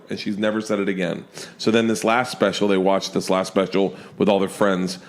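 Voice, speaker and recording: A man in his forties, a comedian guest telling stories on a podcast, animated and freely swearing as he acts out his family's lines. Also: sits low, a little fast, hardly any pauses. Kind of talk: casual podcast storytelling. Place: comedy club during a remote podcast.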